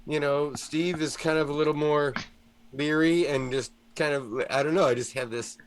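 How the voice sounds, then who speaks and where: A man's voice: a little high, normal speed, a little hiss or hum. A man chatting casually as co-host of a group show, laughing and teasing the others. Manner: animated, laughing, stretches words when teasing. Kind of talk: casual chat.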